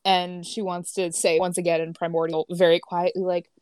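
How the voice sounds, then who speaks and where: A woman's voice: lowish voice, little pitch movement, normal speed, darkish tone, clean tone, dry recording. Woman player, chatty, casual swearing, dry close mic. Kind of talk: casual tabletop play.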